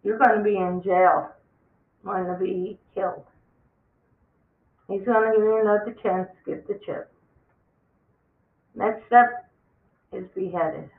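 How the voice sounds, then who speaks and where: Slow, emphatic voiced preacher on a tinny line. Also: mid-range voice, steady tone. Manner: emphatic, preachy, repeats for stress. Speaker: religious vlogger. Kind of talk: impassioned end-times warning monologue. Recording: tinny phone-like sound in an echoey room.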